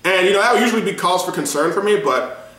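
A man giving a casual reaction review, excitable and profane, laughing often as he talks. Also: high-pitched, fast talker, echoey room. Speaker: show reviewer.

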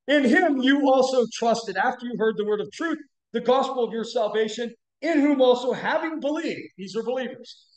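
A man preaching a sermon as a guest speaker, building to emphatic, shouted bursts. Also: very high voice. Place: church sanctuary. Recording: echoey church room.

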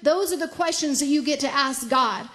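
A high-pitched middle-aged woman preaches a sermon. She is animated and laughs along the way, and her voice climbs even higher when she acts out talking to God. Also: moderate pace. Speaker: pastor.

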